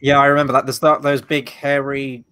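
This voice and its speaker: A man's voice: mid-range voice, level tone, brisk, pushed and bright, clean tone, dry recording. A man co-hosting a film quiz, chatting in an enthusiastic, joking way. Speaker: co-host. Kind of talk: casual chat.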